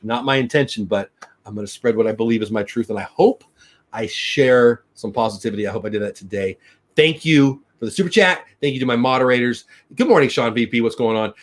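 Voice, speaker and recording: A man's voice: mid-range voice, fast. A middle-aged man hosting a daily live news show, rambling upbeat chat and thanking viewers by name. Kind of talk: casual live-stream chat.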